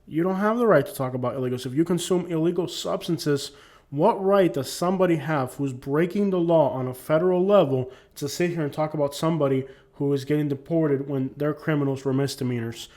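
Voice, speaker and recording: A man's voice: on the high side, fairly quick, darkish tone. A man born in Cuba giving emphatic, preachy casual commentary to his audience, at times reading a letter aloud in a formal tone.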